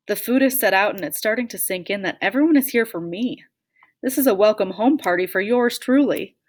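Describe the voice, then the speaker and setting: A woman's voice: medium pitch, no echo, clean studio sound. A woman reading a first-person audiobook with a wry, self-deprecating way of telling it. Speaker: audiobook narrator.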